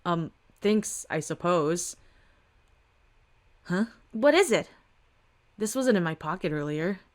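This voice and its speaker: A man's voice: sits high, animated, slow. A woman voicing a reserved young male vampire who talks hesitantly. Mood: puzzled.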